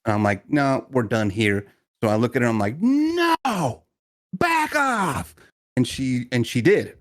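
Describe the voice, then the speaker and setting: A man co-hosting a podcast, telling a family story in casual chat with lots of laughter and animated retellings. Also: a little fast, no echo, clean studio sound. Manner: animated, mimics people in high voices, laughs often. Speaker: podcast co-host.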